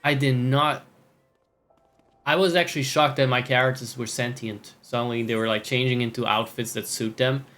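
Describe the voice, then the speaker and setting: A man talking over his gameplay in loose, rambling commentary full of jokey asides and self-mockery. His pitch sits in a middle range, and faint music plays under his voice. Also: steady tone, normal speed, a bit bright. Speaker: streamer.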